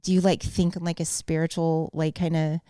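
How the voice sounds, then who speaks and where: A woman's voice: low-pitched, flat delivery, moderate pace, dark tone, clear, resonant tone, no echo, studio quality. Blunt, outspoken woman podcast host. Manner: blunt, profane, emphatic. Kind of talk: casual chat.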